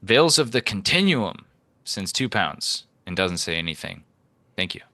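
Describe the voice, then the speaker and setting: Man, low pitch, bright forceful tone, joking debate moderator. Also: big pitch swings, a little slow, no echo. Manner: joking, teasing banter. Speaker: debate moderator reading donations. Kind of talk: casual live-stream chat.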